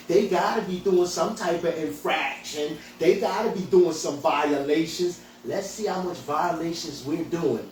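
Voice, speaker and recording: A podcast host who also owns a hemp dispensary launches into an angry, blunt, profanity-laced rant in a high voice. He sounds far off in an echoey room, with faint ambience and a little hiss or hum.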